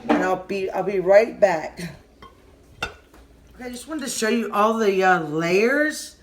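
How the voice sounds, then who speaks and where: A middle-aged woman with a Southern US accent giving a casual kitchen how-to, rambling and halting, often stopping mid-sentence to restart. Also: mid-range voice, animated, slight background noise. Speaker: home cooking channel host.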